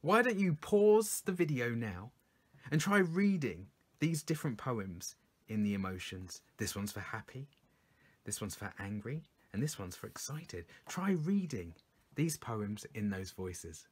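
A man's voice: mid-range voice, slightly rough. A poet reading his poems aloud for children, explaining them in an encouraging way. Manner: lively, encouraging, explains slowly.

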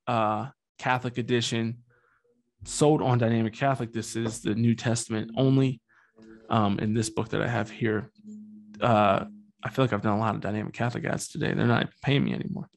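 Young male host, mid-pitched, slangy and jokey, casual Bible-study podcast talk. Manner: slangy, joking, loose and chatty.

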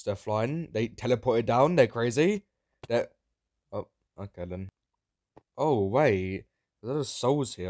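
A man with a fairly low voice commenting on a game as he plays, excitable and sarcastic, prone to sudden yelps. The sound is dry and close, with no room around it. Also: no room sound. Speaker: Minecraft YouTuber. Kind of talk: gameplay commentary.

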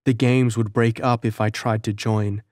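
A man's voice: on the low side, flat delivery, normal speed, a little mellow, no echo, studio quality, lightly acted. A man voicing a lonely young village girl who pleads earnestly and tearfully, in a storybook reading. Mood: sobbing, pleading.

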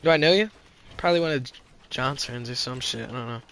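A man streaming a game, chatting casually with his viewers and chat, excitable and swearing in bursts of exclamations. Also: medium pitch, quick pace. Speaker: gaming streamer.

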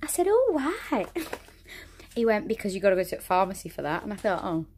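A woman's voice: medium pitch, sing-song, quick pace, a little hiss or hum. A middle-aged woman, chatting to camera in a rambling, laughing vlog from a relative's home. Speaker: vlogger. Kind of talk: casual chat to camera.

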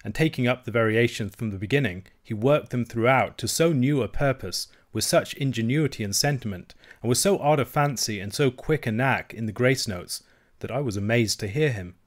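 A man's voice: medium pitch, normal speed. Man reading a classic novel aloud. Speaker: audiobook reader. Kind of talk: scripted narration.

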